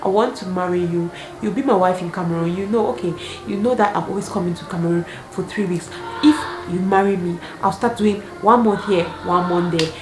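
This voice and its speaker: Woman voicing a smooth-talking married man. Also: on the low side, fairly quick, few pauses, over music, close to an everyday voice. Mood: persuasive. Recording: echoey room with clear background noise.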